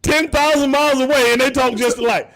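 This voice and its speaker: Male host, high-pitched, animated, profane, casual banter. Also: fairly quick, a crowd in the background. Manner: animated, loud, laughing, profane. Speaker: show host. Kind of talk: casual wrestling talk.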